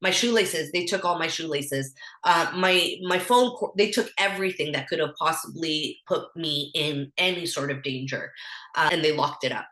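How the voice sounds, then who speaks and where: A woman's voice: low voice, normal speed, a bit bright. A woman in her thirties with a Canadian accent, a podcast guest telling a personal story candidly, with lots of fillers. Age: 30s. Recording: echoey room.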